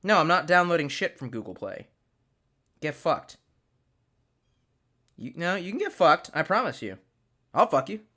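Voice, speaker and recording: A man talks off the cuff on a home livestream, reading out chat comments between long profane tangents. His voice is bright and forward and sits a little high for a man. He keeps cutting himself off mid-sentence and starting again. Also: big pitch swings, measured pace, pauses often. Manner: rambling, profane, self-interrupting. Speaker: livestream host.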